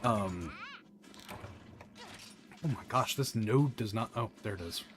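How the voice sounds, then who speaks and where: A man's voice: on the low side, takes it slowly, slight background noise. Chatty Southern US man, rambling. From American South. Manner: rambling, chatty, animated asides. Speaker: gameplay commentator. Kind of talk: casual gameplay chat.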